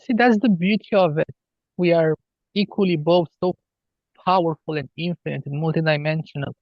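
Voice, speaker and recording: A man talking as a healer guest on a podcast, slow and earnest as he explains spiritual ideas. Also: on the high side, dry recording, dull audio. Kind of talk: podcast interview.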